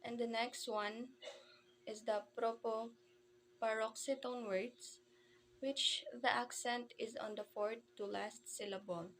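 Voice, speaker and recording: A woman's voice: a little high, fairly even intonation, slow, fairly bright tone, a little hiss or hum, poor audio. A woman presenting a language lesson, reading out terms carefully and sounding out each example. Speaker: presenter explaining Romanian phonetics. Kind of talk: slow read-aloud lesson.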